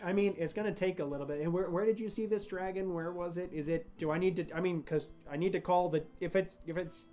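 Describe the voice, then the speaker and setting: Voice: medium pitch, steady tone, quick pace, few pauses, mellow, soft background music, lightly acted. A game master voicing a cranky, hunchbacked old male halfling smith who mutters, grumbles and swears. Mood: muttering.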